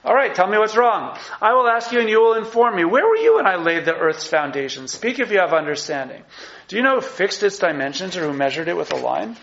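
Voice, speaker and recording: A man playing a loud, scolding God. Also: high-pitched, very animated, a little fast, gravelly, dull audio, voice pushed up, full character voice. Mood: challenging. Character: God, a mighty indignant male creator.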